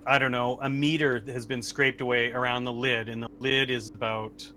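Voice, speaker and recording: A man narrates as game master, laying out a scene piece by piece with small pauses and easy laughs. His voice sits at a medium pitch with a light hum of noise behind it. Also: flat delivery, sharp tone. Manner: descriptive, halting, laughs easily.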